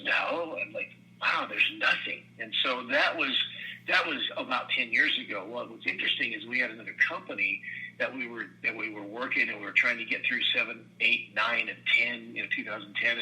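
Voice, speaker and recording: A man in his sixties, a company co-founder telling his story in a casual interview, animated and rambling, with lots of restarts. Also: medium pitch, rough recording. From United States. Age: 60s.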